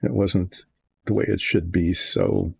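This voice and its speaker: A man's voice: sits low, fairly even intonation, a little slow, creaky, husky, dry recording. An older man chatting casually as he works on a model, rambling through asides. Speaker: hobby model painter. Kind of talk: casual narration while working.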